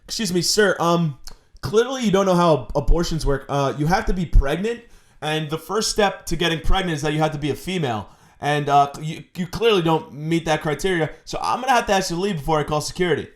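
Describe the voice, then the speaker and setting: A man's voice: a little high, lively intonation, a little fast, lightly acted. A man voicing a prim female clinic receptionist who talks down to him. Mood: stern. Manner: prim, condescending.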